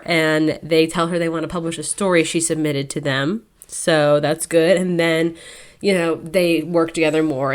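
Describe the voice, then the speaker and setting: Young female podcast co-host, lower voice, casual storytelling recap with quick voiced asides. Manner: chatty, acts out characters' lines in quick asides. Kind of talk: casual chat recapping a book.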